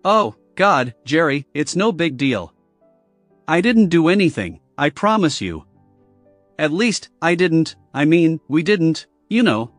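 A man's voice: a little high, very animated, slow, no room sound, soft background music. A man reading a pleading, tearful wife. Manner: pleading, defensive. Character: tearful pleading young wife caught cheating.

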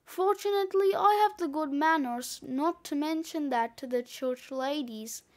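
A woman's voice: high-pitched, a little slow. A woman reading aloud and voicing an older grandfather who speaks with mild, dry manners.

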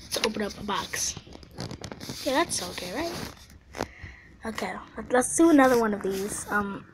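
A woman giving casual commentary over a video game, swinging between quiet mumbling and excited squeals and panicked shouts. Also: a little high, noisy background. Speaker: gameplay video host.

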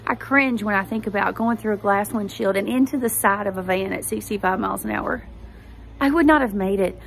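A faith vlogger recounts her testimony to her viewers at a brisk pace, her medium-pitched voice creaky over a slight hiss or hum. She's earnest and animated, talking right to the camera audience.

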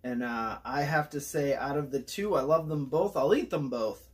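A man hosting a casual food review vlog, excitable and talking while he chews. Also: mid-range voice, normal speed. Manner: excitable, talks while chewing.

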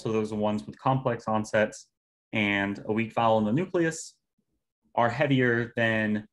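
A man presenting an academic linguistics talk over a video call, measured and explanatory with occasional fillers. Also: fairly low pitch. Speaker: conference presenter.

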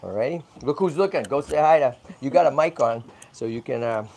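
A channel host and tortoise rescuer speaks fairly quickly at medium pitch, expressive and with vocal fry, over background noise. During a casual livestream he chats, checks in with "right?" and "okay?", and coos softly to a baby squirrel as he handles it.

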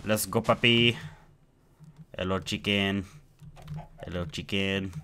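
A man's voice: low voice, fairly even intonation, takes it slowly, sharp tone, a little hiss or hum. A man giving rambling, playful commentary while playing a video game and chatting to his in-game pet. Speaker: gameplay video host. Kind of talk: casual let's-play commentary.

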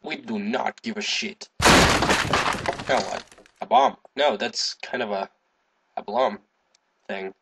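A man giving casual gameplay commentary, excitable, swearing, humming to himself and breaking into sudden high yelps. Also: slow pace, vocal fry, long pauses, a little hiss or hum. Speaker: gaming video host.

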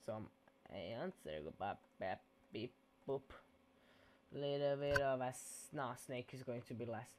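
A man's voice: mid-range voice, unhurried, noisy background. A man giving casual gameplay commentary in a goofy, playful way, dropping mock-Italian exclamations.

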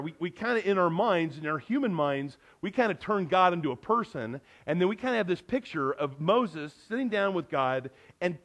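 A middle-aged male pastor delivering a sermon with a slightly raised pitch. He talks to the congregation in an earnest, conversational way. His voice drops to hushed asides and rises to emphatic peaks. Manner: earnest, conversational preaching with wide swings in loudness. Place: church sanctuary.

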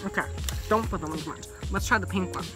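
A woman's voice: lowish voice, fast, over music. A young woman in her teens hosting a casual candy taste-test video, giggly and bossy about keeping things on track. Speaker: channel host.

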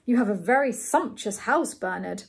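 A man's voice: sits high, animated, moderate pace, creaky, breathy edge, exaggerated voice. A woman voicing an awkward, jealous and peevish male guest in a storybook reading, fussy and flustered.

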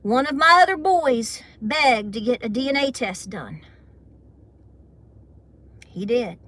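Middle-aged woman, Appalachian accent, high bright voice, chatty and giggly livestream host. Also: expressive, dry recording. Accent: Southern American, Appalachian. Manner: chatty, giggly, drawn-out Southern phrasing. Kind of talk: casual livestream chat with viewers.

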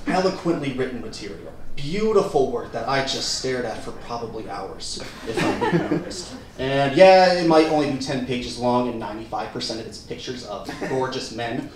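A man's voice: mid-range voice, moderate pace, a crowd in the background. A young man performing a stand-up comedy set on a theater stage, telling a story and acting out the people in it. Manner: animated storytelling, acts out the people in his story. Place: theater stage with live audience. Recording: echoey room from a distance.

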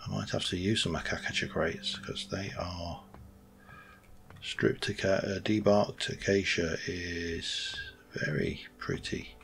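A man's voice: sits low, huge pitch swings, takes it slowly, gravelly, a bit bright, slight background noise. A man rambling casually as he plays a game, thinking aloud and correcting himself. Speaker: Minecraft let's play host. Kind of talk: casual gameplay commentary.

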